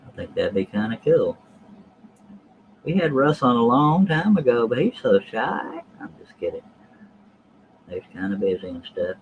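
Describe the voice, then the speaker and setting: A man's voice: medium pitch, sing-song, normal speed, pauses often, phone-quality sound, slight background noise. A man hosting a live stream, chatting casually and joking with viewers in a folksy way. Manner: folksy, jokey, addresses chat viewers.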